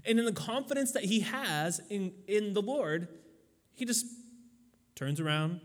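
A man with a high voice preaches a sermon in a relaxed, chatty way, restarting phrases and tossing in fillers. His voice rings out with a long hall reverb. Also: unhurried, pauses often. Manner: conversational, loose with fillers and restarts. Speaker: pastor.

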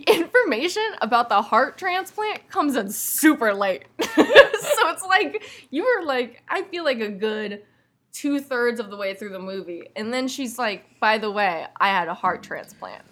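A woman co-hosting a casual movie review chat, giggly and animated, full of "like" fillers. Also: fairly high pitch, normal speed. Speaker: podcast co-host.

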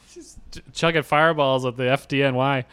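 Animated bright man telling a story. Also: mid-range voice, clear, resonant tone. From New York City. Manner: animated, laughing, acts out quoted voices. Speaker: podcast co-host. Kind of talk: casual storytelling chat.

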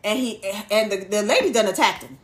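A woman co-hosting a casual movie recap podcast, slangy and quick to laugh. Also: medium pitch, over a noisy crowd. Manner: laughs often, slangy and animated. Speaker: podcast co-host.

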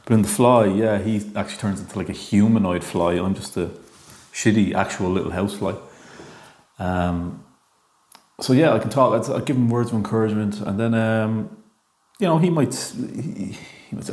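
A man's voice: fairly low pitch, normal speed, darkish tone. An Irish man in his thirties telling a rambling, jokey monologue, hesitant and full of ums. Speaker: monologue talker. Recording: echoey room.

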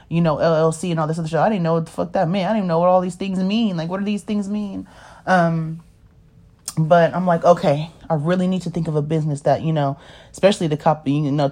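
A woman's voice: on the low side, darkish tone. A woman, telling her life story in a rambling, casual way and often asking "you know what I mean?". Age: 30s. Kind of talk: casual personal monologue.

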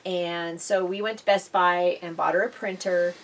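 A woman's voice: lowish voice, steady tone, normal speed, far from the mic. A middle-aged woman co-hosting a casual chat podcast, telling stories in a chatty way and laughing often. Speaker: podcast co-host.

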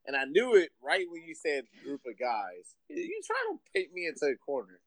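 A man's voice: a little high, huge pitch swings, normal speed, a loud crowd. Defensive man correcting a story. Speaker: co-host. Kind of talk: casual podcast banter.

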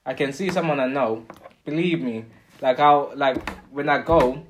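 A man's voice: medium pitch, moderate pace, slight background noise. A young man co-hosting a casual podcast, earnest and repeating himself as he searches for words. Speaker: podcast co-host. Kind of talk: casual chat.

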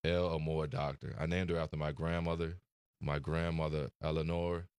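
A very deep-voiced young man talks in an interview, slow to find his words and full of fillers. His delivery stays flat and even. The sound is dry and close. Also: clean tone, dry recording. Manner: soft-spoken, hesitant, many fillers. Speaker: interview guest. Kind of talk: emotional interview conversation.

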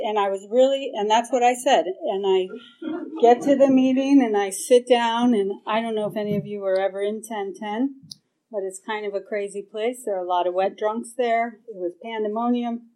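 A woman's voice: mid-range voice, steady tone, normal speed, dark tone, low-quality recording. A middle-aged woman speaking at a recovery meeting, telling her story candidly with swearing and acting out her own past reactions. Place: meeting hall.

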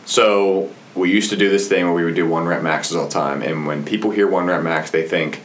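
Deep-voiced profane trainer in roomy space. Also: male voice, fairly quick. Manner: profane, animated storyteller. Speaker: fitness coach. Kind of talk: casual podcast chat. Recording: roomy with faint ambience.

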